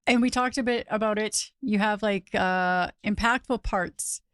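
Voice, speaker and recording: A woman's voice: mid-range voice, unhurried, fairly bright tone, clear, resonant tone, no echo, clean studio sound. A woman hosting a live recovery show over a video call, chatty and loose, often breaking into giggles. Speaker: podcast host.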